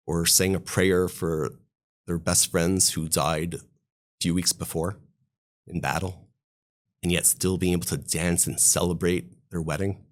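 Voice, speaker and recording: A man who is a rabbi, speaking, telling stories with passion and rising emphasis. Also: deep voice. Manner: impassioned, storytelling, voice rising on key points. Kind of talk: podcast interview guest.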